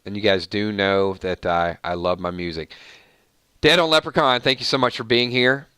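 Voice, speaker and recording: A man hosting a live stream in an easy, chatty way, running through viewer shout-outs one after another. His voice is bright and forceful, with a smooth, crisp tone. The sound is dry and close, with no room echo. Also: lowish voice, moderate pace. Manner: rattles off long lists of viewer names and thanks. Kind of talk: casual live stream chat.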